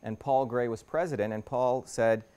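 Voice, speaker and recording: A man's voice: mid-range voice, normal speed, dark tone, smooth. Man in his fifties giving a conversational lecture. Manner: conversational, walks through slides with frequent restarts. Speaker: invited guest speaker. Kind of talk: lecture to a university audience. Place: university lecture room.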